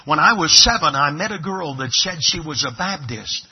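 A man's voice: fairly high pitch, animated, moderate pace, breathy edge, dull audio. A man from Brooklyn preaching a sermon, dramatic and emphatic, acting out little scenes. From Brooklyn, New York. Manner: emphatic, dramatic pulpit delivery with acted-out dialogue.

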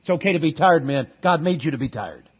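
A middle-aged man delivers a sermon in a high-pitched, slightly husky voice. He calls out to the congregation for amens and moves between loud urging and soft, earnest asides. The recording sounds muffled and lo-fi. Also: expressive, quick pace. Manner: call-and-response preaching, shifting between loud exhortation and quiet earnest asides. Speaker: guest preacher.

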